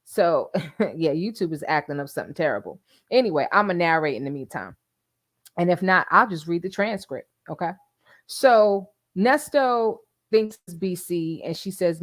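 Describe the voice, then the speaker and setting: A woman's voice: lowish voice, expressive, normal speed, dry recording, clean studio sound. An older woman hosting a casual livestream, chatting and gossiping with frequent laughs. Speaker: YouTube host.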